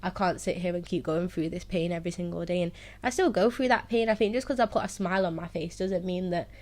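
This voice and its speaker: A woman's voice: on the low side, fast talker, darkish tone. A young woman telling her own story candidly, often laughing through painful memories and saying "like" a lot. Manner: heavy use of "like" and "so, yeah". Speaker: host of her own series.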